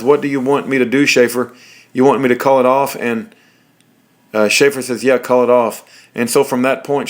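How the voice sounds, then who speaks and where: A man reading legal documents aloud in a plain way, with fillers and restarts. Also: mid-range voice. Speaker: reader of court documents.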